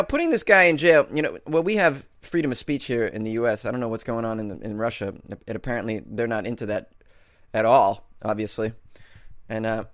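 A man's voice: mid-range voice, a bit bright, dry recording, studio quality. Rambling, self-amused podcast host man. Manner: rambling, self-amused, full of fillers and restarts. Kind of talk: casual comedic monologue.

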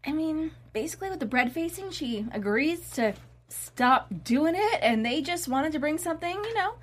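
A woman's voice: high-pitched, lively intonation, normal speed. A woman hosting a casual panel chat about a TV episode, leading the segments and throwing to the others. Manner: chatty, leads the segments. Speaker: host.

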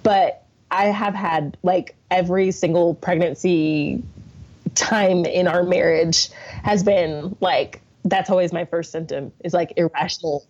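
A woman guest on a podcast, chatting casually as an animated storyteller who acts out the people she quotes. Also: on the low side, unhurried. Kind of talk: casual chat. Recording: dull lo-fi recording.

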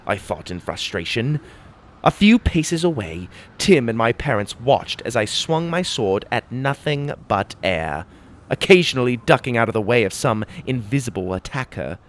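A man reading a first-person adventure story aloud with a dramatic, expressive delivery. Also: mid-range voice, moderate pace. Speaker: narrator.

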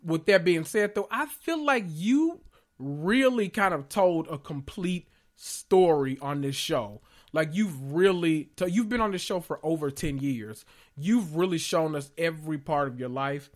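A man's voice: on the high side, expressive, measured pace. A man hosting a podcast, giving sassy, blunt commentary with dramatic emphasis. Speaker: podcast host. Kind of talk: casual pop-culture commentary podcast.

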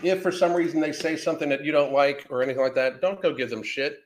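A man's voice: fairly high pitch, quick pace, a little hiss or hum. Profane rambling male livestream host. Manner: profane, rambling, greets chat viewers by name. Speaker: podcast host. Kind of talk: casual livestream commentary.

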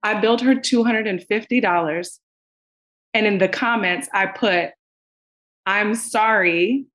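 Woman, podcast guest, expressive storyteller, mid-pitched voice, talks to listeners directly. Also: moderate pace, low-quality recording. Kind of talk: animated storytelling.

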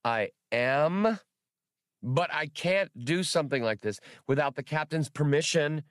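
A man's voice: fairly high pitch, lively intonation, a little slow, smooth, no echo, studio quality, voice pushed up. A man voicing a small, childish male computer probe droid, eager and helpful, in an audiobook. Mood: wounded. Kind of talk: audiobook character voice.

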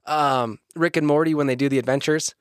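A man's voice: a little high, fairly even intonation, a little fast, clear, resonant tone, no echo, studio quality. A young man co-hosting a podcast, cracking crude jokes and laughing often in casual banter. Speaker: podcast co-host.

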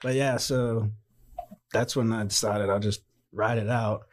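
Husky-voiced man telling a story. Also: fairly low pitch, a little slow. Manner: animated anecdotes with acted-out quotes. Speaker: podcast guest, former Marine. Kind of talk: casual storytelling.

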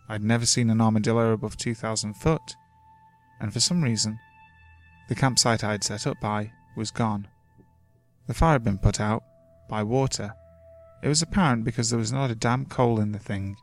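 A man reading first-person scary stories from the woods as scripted horror narration, steady and measured. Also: medium pitch. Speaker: creepypasta narrator. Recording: faint music underneath.

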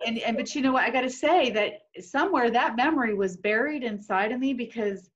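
A woman's voice: on the high side, animated, brisk. A woman host sharing a story in a casual, open conversation. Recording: dull lo-fi sound.

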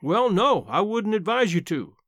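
A man voicing a blunt, sharp-tongued old countrywoman aunt in a story reading, dry and matter-of-fact, with plain country talk. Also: sits high, big pitch swings, moderate pace, no room sound, heavily acted.

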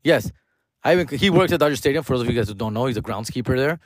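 A man's voice: medium pitch, animated, racing, no room sound, clean studio sound. A man in his forties hosting a comedy podcast, rambling casually in slangy, profane talk with Spanish words mixed in. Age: 40s.

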